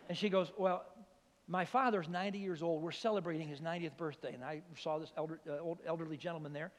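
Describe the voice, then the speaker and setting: An older man preaches in a church, spinning a funny story and throwing himself into every voice. His voice sits high, and a long reverb trails after him. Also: fast, a little hiss or hum. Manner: animated comic storytelling, acts out voices. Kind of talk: storytelling sermon.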